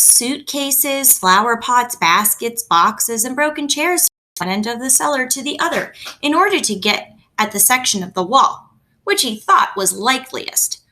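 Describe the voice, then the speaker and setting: A woman reading a children's book aloud at home, in a gentle, expressive storytelling manner. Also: fairly high pitch. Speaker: reader.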